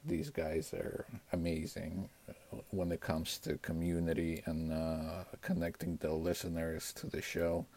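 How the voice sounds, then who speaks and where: Man, very low voice, dark tone, earnest listener message. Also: measured pace. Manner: earnest, thankful. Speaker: listener sending a recorded message.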